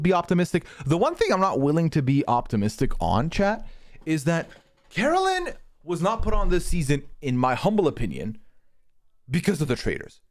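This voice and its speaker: Male streamer, casual rant, animated, slightly higher voice, loose and profane. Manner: animated, rambling, swears freely, gets loud and high when worked up. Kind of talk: casual reality TV commentary stream. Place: hot indoor room.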